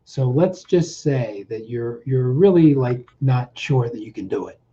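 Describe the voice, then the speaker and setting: A man's voice: mid-range voice, lively intonation, unhurried, dark tone. A man coaching viewers through a tapping routine, checking in often with "okay?" and repeating short phrases as he demonstrates, on a dull, slightly noisy recording. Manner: repetitive, coaching with frequent "okay?" check-ins. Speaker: mindset coach. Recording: dull lo-fi sound with faint noise.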